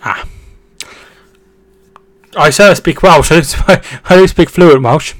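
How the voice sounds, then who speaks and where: A young man with a fairly high voice hosts a casual football live stream, speaking slowly in a dry, echo-free space. He reads chat messages aloud, thanks viewers and calls out match updates, sometimes trailing off and starting over, and shouts with excitement at goals.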